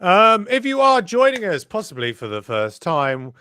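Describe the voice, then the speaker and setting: A man's voice: high voice, wildly swooping pitch, moderate pace, bright, forceful tone, smooth. A man hosting a live race stream, commentating with cheeky, swearing banter.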